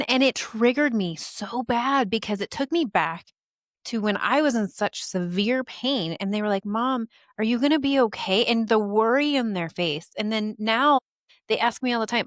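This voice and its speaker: Motherhood and illness are the subjects as a thirty-something woman hosting a podcast speaks with earnest feeling in quick bursts, keeping it conversational. The voice is medium-pitched and a bit bright; the recording is dry and of studio quality.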